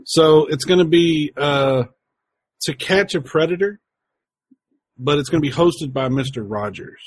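Man, casual chat, rambling crude storyteller, husky, dry sound. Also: on the high side, unhurried, no echo.

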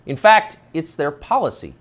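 A man's voice: fairly high pitch, sing-song, normal speed, fairly bright tone. A man delivering a scripted opinion monologue as a commentator, emphatic and sardonic.

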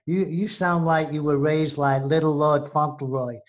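A brash American host who jokes, heckles and argues playfully. The voice sits at a middle pitch. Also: steady tone, normal speed. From United States. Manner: brash, joking, mock-heckling. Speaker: show host. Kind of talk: bantering radio-style chat.

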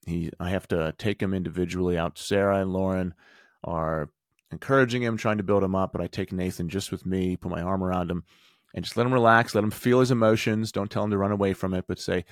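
A man hosting a podcast, telling a personal story in an animated way, his voice rising when he quotes others. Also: low-pitched, a little fast, dry recording, studio quality. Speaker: podcast host. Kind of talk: storytelling monologue.

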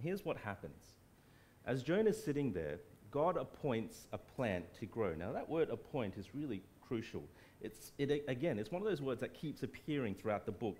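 Animated preacher. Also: male voice, medium pitch. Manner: animated, playful asides, emphatic. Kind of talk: sermon.

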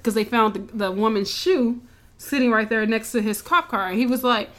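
A woman recapping a show in casual, animated storytelling, swearing freely and acting out the characters' lines. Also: fairly high pitch, normal speed. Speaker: podcast co-host recapping a show.

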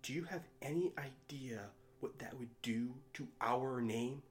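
A man's voice: mid-range voice, measured pace, lightly acted. A man reading aloud and voicing a cold, contemptuous father who speaks in a clipped, scornful way.

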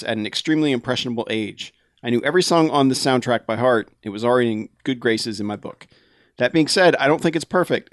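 A man's voice: medium pitch, no room sound, clean studio sound. A man co-hosting a podcast, reading a listener's email aloud in a casual, laughing way. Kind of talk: casual chat.

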